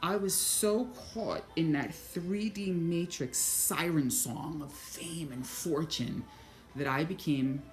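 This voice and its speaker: Woman, deep voice, blunt and profane, casual spiritual storytelling, hushed to excited, faint music behind. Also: vocal fry, reverberant. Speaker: vlogger.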